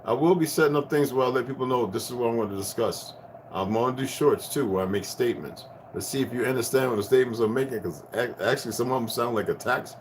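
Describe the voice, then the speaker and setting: A man in his fifties giving a rambling spiritual rant to his viewers, profane and preachy, swinging from loud bursts down to hushed tones. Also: mid-range voice, fast, slight background noise. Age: 50s. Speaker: vlogger.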